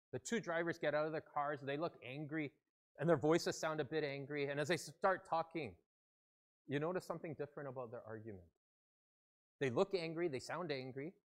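Earnest conversational pastor preaching. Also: mid-range voice. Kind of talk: sermon.

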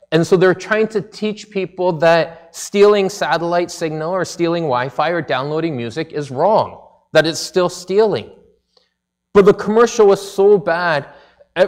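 A man, a pastor, delivering a sermon in a conversational, storytelling manner. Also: on the high side.

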